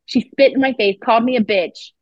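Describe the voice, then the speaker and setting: A slightly high, slightly fast female voice comes through lo-fi with no room sound. The psychic guest on this interview podcast tells a story bluntly, swearing freely and acting out quoted dialogue.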